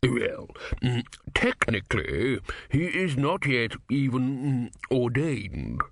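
A man's voice: medium pitch, unhurried, no room sound, clean studio sound, lightly acted. A man voicing a doubtful male bishop who speaks hesitantly with "mm" sounds.

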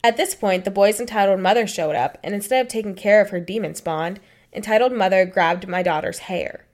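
A woman's voice: mid-range voice, brisk. Blunt young woman co-hosting a podcast. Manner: blunt, matter-of-fact, swears casually. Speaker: podcast co-host. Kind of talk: reading stories aloud and casual chat.

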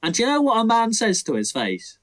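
Animated man ranting about a film. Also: sits high, fairly quick. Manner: animated, acts out scenes in mocking voices. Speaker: podcast co-host. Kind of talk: casual film debate.

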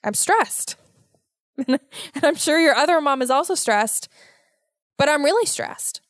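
Slow-talking woman podcast host, fretful. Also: high voice, no room sound, clean studio sound. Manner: animated, worried, exaggerated motherly fretting. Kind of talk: casual solo podcast talk.

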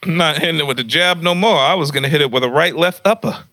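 A man's voice: on the high side, fast talker, bright, forceful tone. A man co-hosting a casual podcast, cracking jokes and one-liners and swearing. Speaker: podcast co-host. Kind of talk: casual chat.

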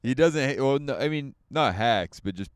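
A man's voice: medium pitch, expressive, normal speed, smooth, dry recording, studio quality. A young man co-hosting a podcast from a parked car, chatting loosely and crudely with lots of laughing. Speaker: podcast co-host. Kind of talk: casual chat. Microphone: handheld podcast mic.

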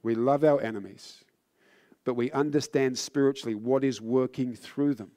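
A tired man preaching a sermon, telling a personal story with rising fervor and then turning low and solemn. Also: moderate pace, mellow. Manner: earnest, builds in intensity then drops low and solemn.

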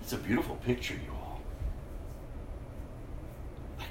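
A man preaching a sermon to his congregation, impassioned, swinging from hushed to loud. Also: medium pitch, big pitch swings, unhurried, pauses often, background noise. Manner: addresses the congregation directly. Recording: echoey room.

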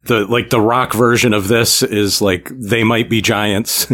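A man's voice: on the low side, steady tone, a little slow, a bit bright. A man co-hosting a casual music podcast who jokes and laughs easily. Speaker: podcast co-host.

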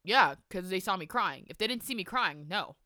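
A young woman reading her old fan fiction aloud with animated commentary, swearing and laughing at herself. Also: medium pitch, moderate pace, no room sound.

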